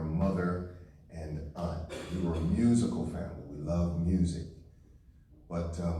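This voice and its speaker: Deep-voiced man speaking in an echoey hall. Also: distant mic, slight background noise. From St. Louis, Missouri. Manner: warm, thankful, conversational with the audience. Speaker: keynote speaker. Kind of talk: live storytelling speech. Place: large hall with live audience.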